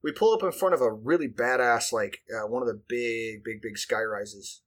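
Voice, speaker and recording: A man's voice: medium pitch, normal speed. A man, telling a profane, rambling story in casual chat. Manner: profane, rambling, filler-heavy delivery.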